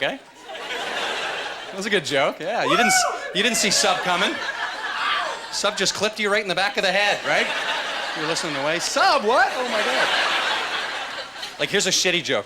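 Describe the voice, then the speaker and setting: A man doing a stand-up comedy set on stage, acting out voices and shouts. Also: high voice, very noisy. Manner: animated, jumps into shouted voices for characters. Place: comedy club stage with audience laughter. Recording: live club recording, loud audience laughter.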